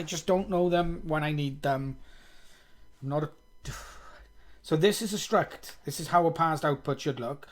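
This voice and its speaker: This man's slightly high voice runs a little slow as he codes on a live stream. He talks through his thinking, murmurs the code quietly to himself, and makes self-mocking jokes.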